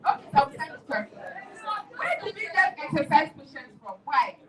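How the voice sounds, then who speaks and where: A woman's voice: high voice, big pitch swings, a little fast, distant mic, some chatter behind, poor audio. A woman teaching pronunciation to a class, correcting and repeating words one by one. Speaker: diction teacher.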